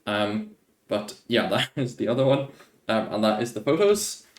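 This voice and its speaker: A man's voice: lowish voice, sing-song, normal speed. A young man chatting casually through viewer questions, rambling and laid-back, easily amused. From Ireland. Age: young adult. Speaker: YouTuber answering viewer questions. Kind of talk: casual Q&A chat. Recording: echoey room.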